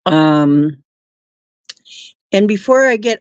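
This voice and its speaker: A woman's voice: fairly low pitch, expressive, slow pace, long pauses, dry recording. A woman hosting a live stream, chatting casually with viewers and giggling often. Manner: giggly, laughs often while reading chat.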